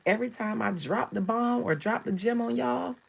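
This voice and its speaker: A woman's voice: fairly high pitch, gravelly, slight background noise, poor audio. A woman hosting a casual tarot livestream, chatting with viewers and laughing often. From United States. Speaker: tarot reader and livestream host.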